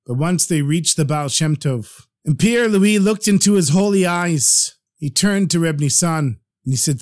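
A man narrating stories for a podcast in a lively, animated way. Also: fairly high pitch, a little slow, hardly any pauses. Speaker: storyteller.

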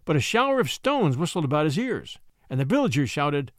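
Rich: An expressive male storyteller reading a classic tale aloud, his pitch lively and sitting a little high for a man. The recording is close and dry. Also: fairly quick, dry recording. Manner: expressive, acts out the voices. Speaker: narrator. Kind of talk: storybook narration.

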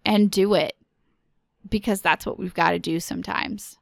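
A woman's voice: medium pitch, fairly even intonation, normal speed, vocal fry, no room sound, clean studio sound. A woman in her thirties hosting a podcast, giving a casual, earnest pep talk to other moms. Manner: earnest, pep-talk, direct address to listeners. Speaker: podcast host.

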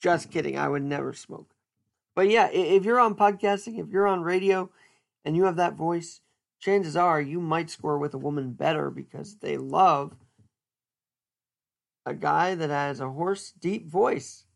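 This man's voice is a little high and creaky, and he speaks a bit slowly. He's a podcast host doing a casual solo show, joking as he thinks out loud and frequently restarting what he says.

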